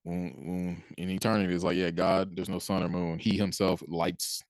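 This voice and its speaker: The man speaks in a low voice with flat delivery at a moderate pace, and the audio has no room sound. His casual talk on Christian faith is conversational, full of acted-out reactions and frequent chuckles between points.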